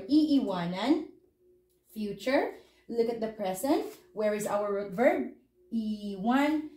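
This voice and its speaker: Female language teacher, slow and patient, mellow tone, echoey room. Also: mid-range voice. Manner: patient, spells out words slowly and repeats them. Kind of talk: slow, explanatory grammar lesson.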